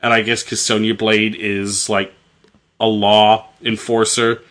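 A man's voice: on the low side, level tone, unhurried, a bit bright. A man casually retelling a video game story, rambling and jokey with lots of fillers. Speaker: storyteller host.

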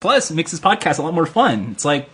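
A man jokes around on a comedy podcast with a slightly husky voice. His pitch swings widely and sits a bit high. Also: very animated, fast, fairly bright tone. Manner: goofy, riffing on jokes. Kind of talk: casual comedic chat.

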